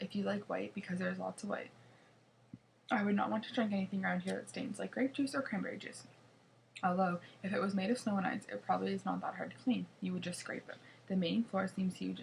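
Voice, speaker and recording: A woman's voice: medium pitch, creaky, a little hiss or hum. A woman reading a children's chapter book aloud in a chatty way, with small slips and restarts. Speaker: reader.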